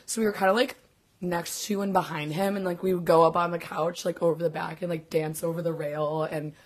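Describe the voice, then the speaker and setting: A young American college student chatting casually on a podcast, rambling with fillers and swearing. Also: female voice, lowish voice, fairly even intonation, brisk, husky. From United States. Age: young adult. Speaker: podcast co-host. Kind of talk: casual chat.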